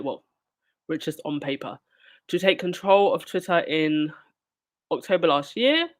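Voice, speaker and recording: Sarcastic woman commenting on royal news. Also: lowish voice. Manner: sarcastic, indignant asides. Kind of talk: reading news aloud and commenting.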